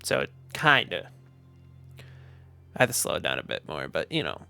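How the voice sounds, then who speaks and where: A man with a Southern US accent chatting casually on his stream, loose, profane and quick to laugh. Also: extremely low pitch, wildly swooping pitch, vocal fry, bright, forceful tone, smooth, faint music behind. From Southern United States. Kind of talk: casual livestream chat.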